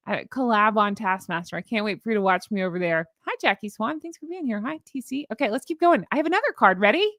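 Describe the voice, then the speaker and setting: A woman's voice: a little high, fairly bright tone, no echo, clean studio sound. A woman hosting her own channel, chatting sarcastically and laughing often as she shows viewers her joke pictures. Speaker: host. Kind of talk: casual commentary vlog.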